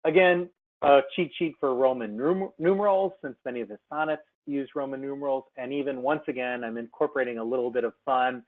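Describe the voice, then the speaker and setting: A man presenting a software seminar by screen share, talking through it casually with many ums and restarts. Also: medium pitch, brisk. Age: adult. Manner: chatty, many fillers and restarts. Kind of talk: screen-share webinar demo. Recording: tinny phone-like webinar audio.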